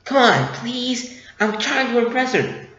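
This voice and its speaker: A man's voice: extremely high pitch, very animated, a little slow, bright, forceful tone, pitched above the performer's own voice, exaggerated voice. A man doing a nervous, pleading young soldier. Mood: defensive. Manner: pleading, defensive. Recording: echoey room, dull lo-fi sound.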